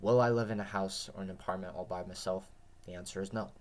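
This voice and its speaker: A man's voice: deep voice, steady tone, fast talker. A tired man with a dry throat, talking to his viewers in an earnest, repetitive, rambling monologue. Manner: repetitive, earnest, restarts often. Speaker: vlogger.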